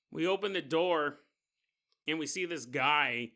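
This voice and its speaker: Bright, fairly high-voiced guy hosting a podcast, animated and jokey. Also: normal speed. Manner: animated and jokey, often laughing. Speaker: podcast host. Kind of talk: comedic storytelling.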